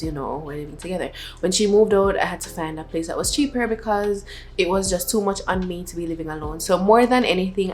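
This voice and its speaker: A young woman vlogger in a casual sit-down chat, talking softly and rambling with many filler words. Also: on the low side.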